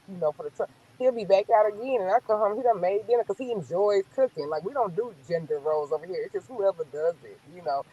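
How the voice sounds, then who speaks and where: A woman with a Southern US accent, telling stories in a sassy, blunt, animated way during a casual chat. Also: fairly low pitch, breathy edge, lo-fi sound. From American South.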